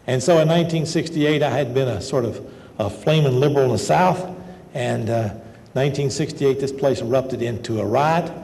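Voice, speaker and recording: A man's voice: medium pitch, normal speed, gravelly, a little mellow. An older man, a medical school professor, giving a lecture in a folksy, conversational storytelling manner. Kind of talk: lecture with personal stories. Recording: lecture hall with long reverb and faint noise.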